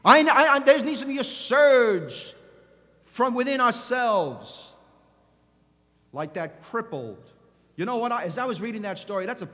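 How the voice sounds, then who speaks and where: A man's voice: high-pitched, a bit bright. Guy preaching in a big church, fervent, repeats himself, voice rings out in the hall. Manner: impassioned preaching with repetitions and restarts. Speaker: pastor. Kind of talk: sermon. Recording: long church hall reverb.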